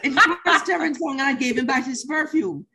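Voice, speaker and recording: An older woman from Jamaica, a former actress, telling animated stories in an interview and acting out the lines she quotes. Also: sits high, fairly quick, a loud crowd, rough recording. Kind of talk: storytelling interview.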